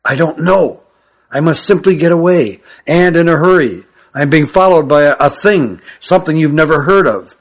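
A man voicing a sturdy young man who is frightened and secretive, speaking in a hushed, urgent, pleading way. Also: fairly high pitch, animated, normal speed. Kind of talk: audiobook character voice.

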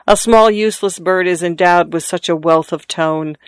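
A reader voicing a skeptical old man who teases and philosophizes, in a dry, clear studio recording. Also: mid-range voice, normal speed, no room sound, close to an everyday voice. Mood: musing. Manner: wry, philosophizing, teasing.

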